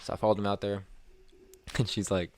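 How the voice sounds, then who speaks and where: A man's voice: fairly low pitch, level tone, moderate pace, darkish tone, a little hiss or hum. A young man, co-hosting a podcast and telling a story casually, acting out quotes and laughing often. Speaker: podcast co-host.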